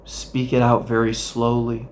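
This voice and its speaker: A man speaking as a therapist, giving an instructional talk that guides the listener through a mindfulness exercise in a gentle way with playful asides. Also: mid-range voice, completely flat delivery, a little slow, slight background noise.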